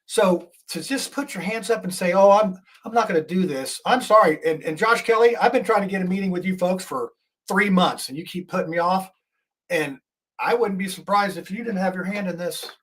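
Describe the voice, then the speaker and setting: Male host, fired-up rambling commentary, somewhat high voice. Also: a little fast, fairly bright tone, slightly rough. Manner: indignant, rambling, restarts often. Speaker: talk show host. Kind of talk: political commentary.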